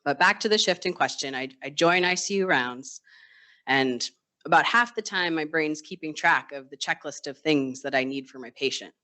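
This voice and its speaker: A nurse tells a personal story to a live audience with a bright, crisp voice. The delivery is casual and conversational, with wry self-deprecating humor. Now and then the speaker slips into the voices of coworkers and patients. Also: mid-range voice, normal speed. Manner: acts out quoted voices of others. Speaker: ICU nurse. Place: live storytelling stage event.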